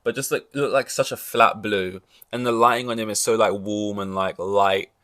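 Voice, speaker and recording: A man's voice: lowish voice, steady tone, normal speed, pushed and bright. A man hosting a podcast in loose, rambling casual chat, full of "like" and the odd swear word. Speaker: podcast host.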